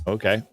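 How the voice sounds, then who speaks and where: A man from Massachusetts with a Boston-area accent, hosting a casual live quiz chat and laughing often. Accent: Boston-area American. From Massachusetts, USA. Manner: laughs often, chatty with restarts. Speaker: host.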